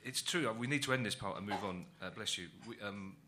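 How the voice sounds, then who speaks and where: A man's voice: fairly low pitch, fairly quick, noisy background. A man hosting a comedy panel, dry and wry, breaking into his own sentences with asides. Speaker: host.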